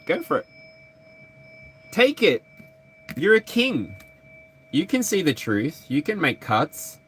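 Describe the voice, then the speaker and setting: A man's voice: medium pitch, slight background noise. A man giving a live tarot energy reading, chatty and playful. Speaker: tarot reader.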